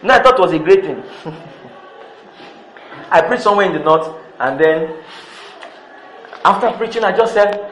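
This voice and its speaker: A man's voice: sits high, moderate pace, long pauses, a bit bright, roomy sound, poor audio. A man preaching a sermon to a congregation in a church. He talks with emphasis, repeats key words and calls for responses.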